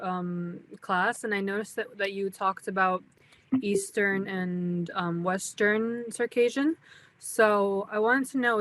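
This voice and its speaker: A woman's voice: medium pitch, fairly bright tone, rough recording. A woman, a student in an online class, asking a question tentatively with some fillers.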